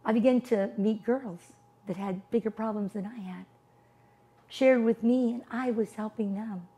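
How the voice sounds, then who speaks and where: A woman's voice: on the high side, unhurried, mellow. A woman in her fifties, not a native English speaker, giving an emphatic personal testimony as a motivational speaker and posing rhetorical questions. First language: non-English household language.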